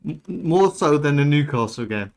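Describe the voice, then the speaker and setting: Man, lively swooping pitch, fairly high voice, casual podcast chat, teasing. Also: normal speed, vocal fry. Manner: teasing, playful, animated. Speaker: podcast co-host.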